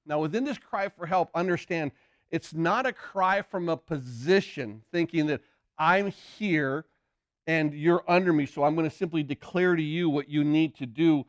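A man preaching a sermon in an earnest, searching way. His voice is smooth and resonant and sits a little high for a man. The sound is dry and close, with no room echo. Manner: earnest, repeats words while building a point; reads scripture slowly and deliberately. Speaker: pastor.

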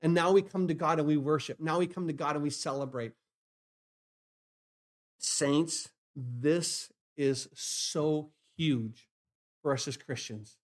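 A pastor preaching a sermon, asking rhetorical questions and repeating phrases, swinging from hushed lines to loud emphatic bursts. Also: male voice, a little high, takes it slowly.

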